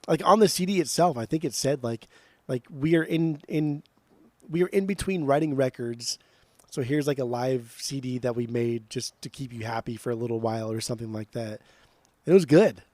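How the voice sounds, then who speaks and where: A man co-hosting a music podcast in casual chat, rambling and animated, swearing freely. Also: medium pitch, moderate pace, no room sound. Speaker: podcast co-host.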